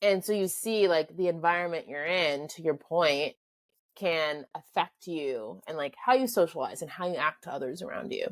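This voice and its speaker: Podcast co-host, woman, slightly low voice, calm explainer in casual talk. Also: normal speed, no echo. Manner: explains calmly, mimics characters. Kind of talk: casual film review chat.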